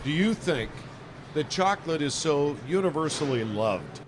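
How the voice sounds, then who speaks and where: A man's voice: fairly high pitch, lively intonation, normal speed, heavy background noise. A man hosting a casual podcast in a grocery store, upbeat, thanking guests and reading promos. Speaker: podcast host.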